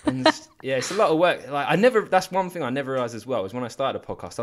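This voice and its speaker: A man's voice: medium pitch, lively intonation, fast talker, hardly any pauses. A man hosting a podcast interview, chatty and laughing often, often trailing off and restarting his sentences. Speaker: podcast host. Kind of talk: casual interview.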